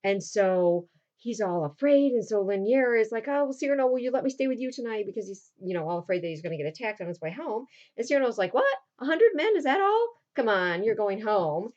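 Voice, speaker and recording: A woman teacher talks her students through a recap in an easy, informal voice, popping into short acted quotes as she goes. Her pitch sits in the middle range. The recording is a bit dull and lo-fi. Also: expressive, a little mellow. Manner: casual retelling with quick acted quotes.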